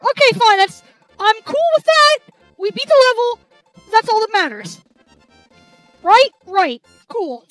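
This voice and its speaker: Very high, lively tipsy woman gamer. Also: measured pace, long pauses, faint music behind, rough recording. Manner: loud, swearing, yelling at the game. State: tipsy from drinking. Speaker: gamer playing and commenting. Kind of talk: let's play commentary while drinking.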